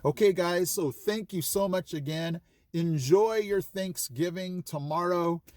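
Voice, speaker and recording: A man's voice: sits high, a little slow, a little mellow, no echo. A man who teaches school and talks earnestly and gratefully to his channel, casual and chatty with fillers. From California. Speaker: vlogger and schoolteacher. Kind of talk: casual vlog talk to camera.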